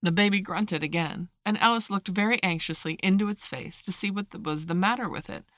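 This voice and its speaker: A woman narrating a storybook in a measured, expressive read-aloud manner. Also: mid-range voice, no room sound, studio quality. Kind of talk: storybook reading.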